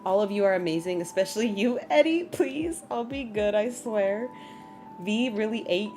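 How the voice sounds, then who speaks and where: A woman's voice: medium pitch, moderate pace, darkish tone, soft background music. A young woman streaming casually, reading chat comments aloud and giggling often.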